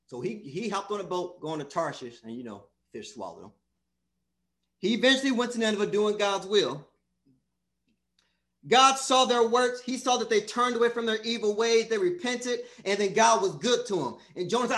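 A male preacher delivers a sermon with emphatic, repetitive phrasing. He speaks straight at the congregation. His voice is high and lively, ranging widely in pitch. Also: moderate pace.

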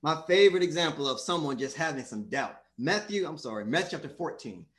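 Male preacher, high voice, very lively pitch, theatrical delivery. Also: fairly quick. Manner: animated, acts out voices of people in the stories. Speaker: preacher and teacher. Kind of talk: sermon with Bible study.

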